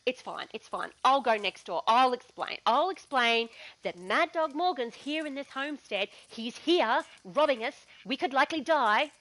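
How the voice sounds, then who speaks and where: A woman's voice: high-pitched, lively intonation, normal speed, a bit bright, rough recording. A woman with an Australian accent playing a determined young nurse who speaks urgently and insistently.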